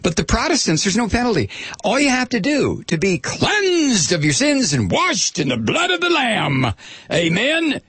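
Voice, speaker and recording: A man's voice: high-pitched, a bit bright, husky, no room sound. A man hosting a talk radio show, delivering a sarcastic, combative opinion monologue.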